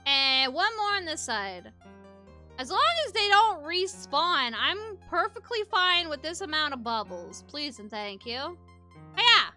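A woman giving let's play commentary, reacting to the game with excitable, flustered exclamations. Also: sits high, unhurried, faint music behind. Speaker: gameplay commentator.

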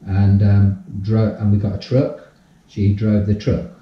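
An older man, a podcast guest telling his life story in a casual, animated way and acting out the dialogue. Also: fairly low pitch, measured pace. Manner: animated storyteller, acts out dialogue, repeats phrases. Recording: distant, roomy, dull-sounding audio.

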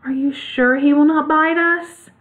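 A woman voicing a tiny, proud female mouse queen with a high, squeaky voice in a storybook reading. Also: sing-song, measured pace. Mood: regal. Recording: tinny phone-like sound.

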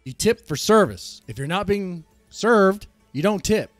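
A man's voice: high voice, lively intonation, measured pace, dry recording, soft background music. A man hosting a casual live stream, reacting to chat with crude, mocking rants. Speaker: streamer host.

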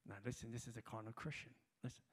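A man preaching a sermon as a guest at a church prayer gathering, telling a story with heavy repetition and building to loud shouts. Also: medium pitch, monotone, fast, husky.

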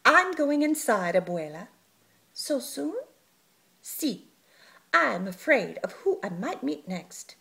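Woman reading as a prim young female cockroach, dry, lilting, slow. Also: medium pitch, big pitch swings, vocal fry, fairly bright tone, breathy edge, heavily acted. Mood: anxious.

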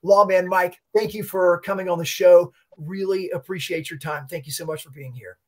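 Brief: male interview host, high voice, effusive, repeats phrases. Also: fairly even intonation, normal speed, a little mellow. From North Carolina. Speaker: podcast host. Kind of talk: casual interview.

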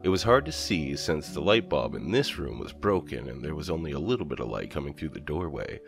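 A man narrating a first-person horror story in a measured storytelling manner. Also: very deep voice, sing-song, creaky. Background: soft background music.

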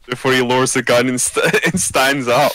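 A man's voice: mid-range voice, steady tone, normal speed, pushed and bright, slight background noise. A man playing a tabletop role-playing game, chatting casually, playful, swearing and laughing. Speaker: player.

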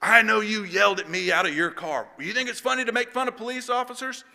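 A man voicing an angry male police officer who yells accusations at a truck full of teenagers. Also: high voice, quick pace, gravelly, big-room sound, voice pushed up, heavily acted. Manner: shouted, accusing.

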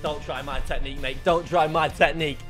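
A young man commentating his own football video game match, muttering under his breath and then bursting into shouts. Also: a little fast, soft background music. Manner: excitable, swings from low muttering to shouted outbursts. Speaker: gaming YouTuber. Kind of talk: live gameplay commentary.

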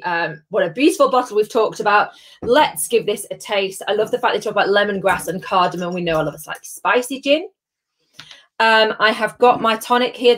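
A chatty woman runs a live tasting stream from home. Her voice sits at a middle pitch, and she keeps up a bubbly, friendly chatter, calling out viewers by name between sips. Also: fairly bright tone. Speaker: host of a live gin tasting.

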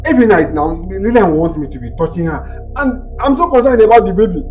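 Man playing a nervous husband, Nigerian accent, stammering, rapid speech, high voice. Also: animated, a little mellow, highs cut off, faint music behind. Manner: stammering, repeats words when flustered. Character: anxious young husband, overprotective and flustered. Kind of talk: comedy skit acting.

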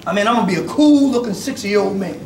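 A man in his forties preaching a sermon as pastor, with impassioned shouted peaks and laughter, calling out to the congregation. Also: high-pitched, expressive, fast talker, creaky. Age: 40s. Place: church. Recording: echoey church from a distant mic, congregation audible. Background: congregation responding.

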